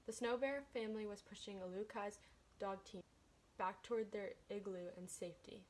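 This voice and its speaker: A woman's voice: medium pitch, steady tone, normal speed, a little hiss or hum. Woman reading a picture book aloud. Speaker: storybook reader.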